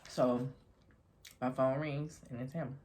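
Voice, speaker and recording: Woman vlogger, unusually low voice, chatty rambling storytime over a meal. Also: steady tone, slow pace, darkish tone. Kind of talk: casual storytime while eating.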